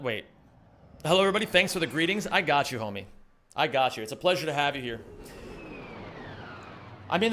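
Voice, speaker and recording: Excitable joking streamer man. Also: fairly high pitch. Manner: joking, excitable banter, swears freely. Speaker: live streamer. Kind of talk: casual live-stream chat with viewers. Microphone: streaming microphone.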